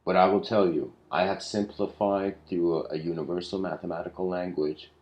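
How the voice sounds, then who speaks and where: A man giving a spiritual lecture in a casual, rambling storytelling way, full of "you know" and "like", slowing down to stress key points. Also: sits low, fairly even intonation, highs cut off.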